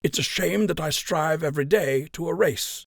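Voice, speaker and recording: A man voicing a calm, principled male rabbit uncle, earnest and pleading. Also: a little high, normal speed, gravelly, no room sound, studio quality, pitched above the performer's own voice. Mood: ashamed.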